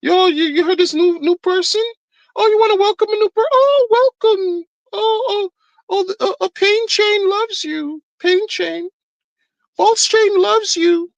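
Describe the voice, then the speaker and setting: A man doing a sing-song, fawning male crypto cultist, pitched way up, slow and syrupy. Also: creaky, no echo, dull audio, heavily acted. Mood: mocking.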